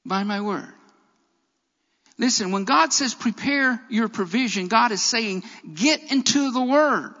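A man's voice: very high voice, measured pace, hardly any pauses, sharp tone. A man preaching a sermon in a church, emphatic and repeating his key phrases. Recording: reverberant, dull lo-fi sound.

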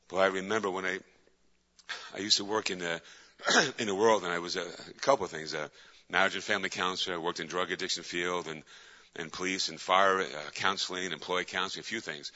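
A pastor with a piercing, very bright voice preaches with emphatic repetition. His voice rings through a reverberant hall, and the recording sounds dull and lo-fi. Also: low-pitched, a little fast. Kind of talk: sermon.

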